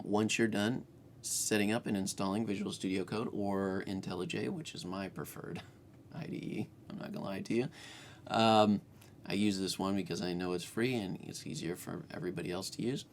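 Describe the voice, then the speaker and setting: At home, a man with a lowish voice hosts a screen-share coding tutorial, chatting casually with plenty of fillers and restarts. There's slight background noise.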